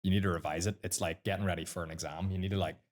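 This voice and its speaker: Northern Irish man, deep voice, quick and blunt, sweary mentor type. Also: fairly even intonation. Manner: blunt, sweary, fast-talking. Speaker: sales mentor guest. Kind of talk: casual podcast chat.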